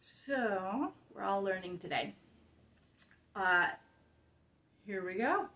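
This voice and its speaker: A woman's voice: medium pitch, expressive, slow, sharp tone. Patient American woman teaching Spanish. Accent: American English. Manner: patient, explains step by step, repeats key points. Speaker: Spanish class leader. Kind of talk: casual teaching explanation.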